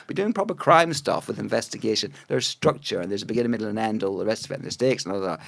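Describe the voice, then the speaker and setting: A Northern Irish man in his sixties, a TV producer chatting as a podcast guest, telling stories with lively asides and restarts. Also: medium pitch, quick pace, gravelly, hardly any pauses. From Northern Ireland. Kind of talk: casual interview chat.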